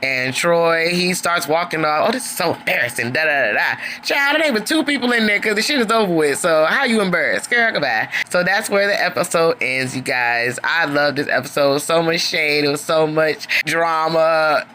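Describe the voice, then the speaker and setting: Sassy bright-voiced reality show reviewer. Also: medium pitch, lively intonation, moderate pace, few pauses, a little hiss or hum. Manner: sassy, chatty, calls listeners honey and girl. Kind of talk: casual episode recap.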